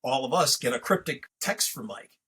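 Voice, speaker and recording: A man's voice: medium pitch, lively intonation, normal speed, fairly bright tone, slightly rough. A man hosting a podcast, telling a story in a rambling, casual way full of fillers and restarts. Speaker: podcast host.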